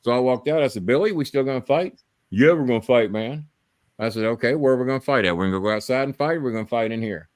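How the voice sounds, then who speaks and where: He has a mid-range, clear, resonant voice and a quick pace, recorded dry. This podcast host casually tells long, rambling, profane stories on a live stream, animated throughout.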